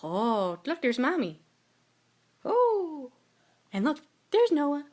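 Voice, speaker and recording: Cooing, high-voiced woman filming a baby. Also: sing-song, a little slow, darkish tone. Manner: cooing, teasing, laughing baby talk. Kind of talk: playful home-video chatter. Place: at home, indoors.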